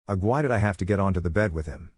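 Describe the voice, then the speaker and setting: A shy teenage girl ninja who gets flustered and anxious, read by a man in his own low voice. The recording is dry and close. It sounds like a storybook reading. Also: racing, husky, no room sound. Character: young teen girl ninja, shy and emotional.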